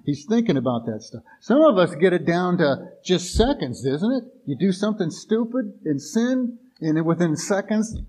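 A man's voice: fairly high pitch, dark tone, a little hiss or hum. A male pastor preaching a sermon in a folksy, conversational way, often restarting sentences and acting out everyday voices in quoted asides.

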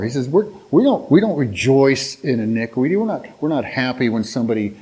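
A man's voice: mid-range voice, sing-song, brisk, hardly any pauses, darkish tone, slightly rough, low-quality recording. Casual male pastor preaching in a loose, folksy, storytelling style, mid-range voice. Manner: folksy, rambling, many restarts and filler words; acts out quoted voices in storytelling. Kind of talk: casual conversational sermon.

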